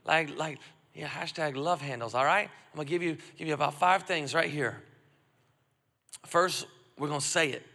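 Bright-voiced man preaching in a big hall. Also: a little high, moderate pace, gravelly. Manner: call-and-response preaching, swings from loud to hushed. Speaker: pastor. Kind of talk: sermon. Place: church auditorium. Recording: long hall reverb, music faint behind.

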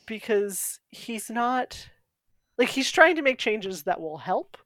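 A woman's voice: on the high side, big pitch swings, slow, a bit bright, no room sound. A woman co-hosting a podcast, chatting casually and thoughtfully about a TV show, laughing often. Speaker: podcast co-host. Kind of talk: casual chat.

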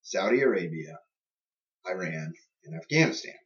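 A man's voice: low voice, animated, moderate pace. A man co-hosting a podcast, chatting casually and joking about faith and government. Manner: joking, puts on silly party voices. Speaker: podcast co-host. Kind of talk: casual chat. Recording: distant, muffled lo-fi sound.

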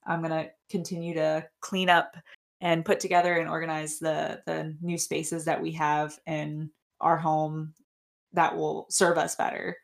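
A woman's voice: deep voice, flat delivery, a little slow, vocal fry. A woman co-hosting a casual podcast chat, rambling a little and laughing often. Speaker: podcast co-host.

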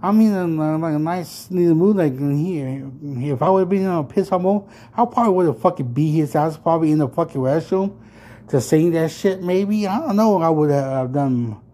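A podcast host in his thirties tells a story in a casual rant, swearing constantly and rambling with lots of fillers. His voice is on the high side at a normal speed, and it turns loud and heated when he gets worked up.

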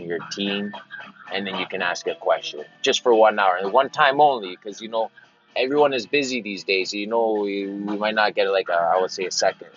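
A podcast host with a lowish voice rambles casually through a monologue, wandering between stories and repeating phrases. He sometimes slips into silly greeter voices, and the audio has its highs cut off.

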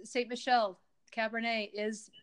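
A woman's voice: fairly high pitch, flat delivery, normal speed, clean tone. Chatty middle-aged woman podcast host. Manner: chatty and enthusiastic. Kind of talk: casual chat.

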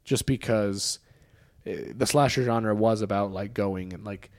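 A man with a somewhat low voice chats casually as a podcast co-host, full of fillers and restarts. He perks up when he makes a point. The sound is dry and close, with no room around it. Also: unhurried, darkish tone, no room sound. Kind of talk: casual chat.

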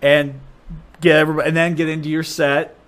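A man from Ohio, a comedian, chatting casually on a podcast and telling stories with a lot of restarts and swearing. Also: a little fast. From Dublin, Ohio, USA. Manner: animated storyteller, voice jumps high and loud when acting out people. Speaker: comedian guest.

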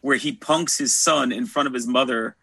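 A man with a husky voice co-hosts a casual podcast about a TV show. He gives his opinions bluntly. The recording is close and dry. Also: medium pitch, moderate pace, sharp tone, no room sound.

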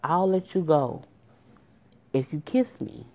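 A woman voicing an older male stalker who pleads softly and clings, in a muffled lo-fi recording. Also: deep voice, animated, slow. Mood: pleading.

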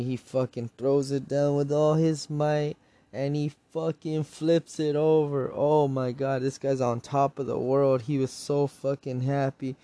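Rambling and profane, a solo podcast host casually recaps and reviews an episode of a show. He speaks at medium pitch with a warm tone, recorded with no room sound.

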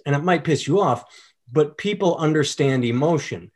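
A man's voice: a little high, lively intonation, moderate pace, a little mellow. Reflective man in casual chat.

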